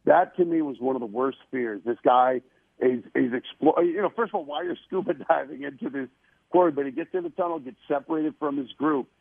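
A man guesting on a radio show to promote a program, talking with excitement and often repeating words. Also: medium pitch, fairly quick, gravelly, husky, no room sound. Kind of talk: casual radio interview. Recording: tinny phone-line sound.

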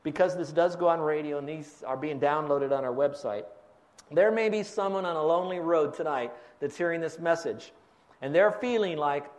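A man's voice: on the high side, moderate pace. A man teaching a Bible sermon to a live audience, asking them to fill in words. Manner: asks the audience to fill in blanks. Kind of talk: radio sermon.

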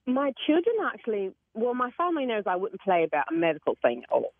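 A woman in her forties from Oklahoma who speaks with a British-sounding accent, chatting as a phone-in guest with quick restarts and frequent laughs. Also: medium pitch, huge pitch swings, dry recording. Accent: British-sounding accent from foreign accent syndrome. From Oklahoma, United States. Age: 40s. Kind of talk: casual interview chat. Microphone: telephone. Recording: tinny phone line.

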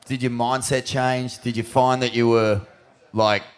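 A man hosting an interview, asking long, searching questions in a relaxed, casual way. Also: medium pitch, unhurried, smooth. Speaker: host.

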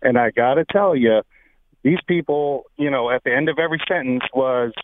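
A man calling in to a talk show and telling animated stories about accents. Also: medium pitch, moderate pace, a little hiss or hum. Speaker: caller. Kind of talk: phone-in storytelling. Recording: tinny phone line.

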